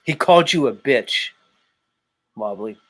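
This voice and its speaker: A man's voice: medium pitch, animated, unhurried, a bit bright. A man hosting a casual podcast chat, swearing freely and goading a viewer in a ranting, profane way. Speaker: podcast host.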